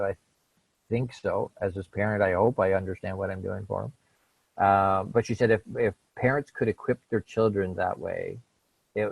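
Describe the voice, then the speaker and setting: Middle-aged guy on a podcast, lowish voice, keeps repeating himself, dry close sound. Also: vocal fry, husky, no echo, phone-quality sound. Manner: repeats words and restarts, emphatic about change. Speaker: podcast guest. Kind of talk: casual conversational storytelling.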